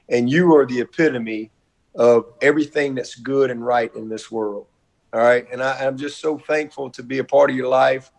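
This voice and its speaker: A man's voice: mid-range voice, steady tone, moderate pace, creaky. Middle-aged man, college coach type, folksy and effusive, video-call audio. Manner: warm, effusive, repetitive, folksy. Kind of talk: heartfelt video-call tribute.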